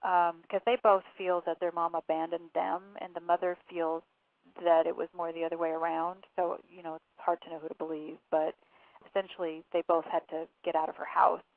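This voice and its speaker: A woman's voice: fairly low pitch, flat delivery, brisk, no room sound. Woman telling a story over a phone line. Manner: recounting events with quoted dialogue and fillers. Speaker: author and interview guest.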